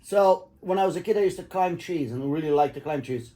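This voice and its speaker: A man's voice: a little high, a little fast, dark tone. A middle-aged man casually telling his kids stories, rambling and swearing and laughing at his own tales. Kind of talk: casual storytelling.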